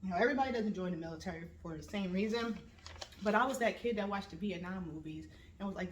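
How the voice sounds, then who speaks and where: A woman's voice: mid-range voice, quick pace, slight background noise. Woman telling stories in a roomy echo. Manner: lively storytelling, slips into voices when quoting family. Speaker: vlog host. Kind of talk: casual personal monologue.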